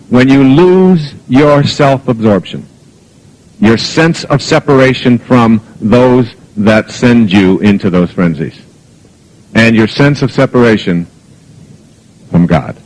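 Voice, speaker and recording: A man's voice: mid-range voice, low-quality recording. A middle-aged man giving a motivational lecture, telling humorous anecdotes about family life. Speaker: motivational speaker. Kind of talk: live lecture to an audience.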